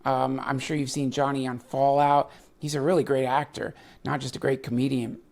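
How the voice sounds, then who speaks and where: A man's voice: medium pitch, level tone, moderate pace, creaky, darkish tone. A man hosting a podcast, rambling through a casual ad read with fillers and self-mocking asides. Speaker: podcast host.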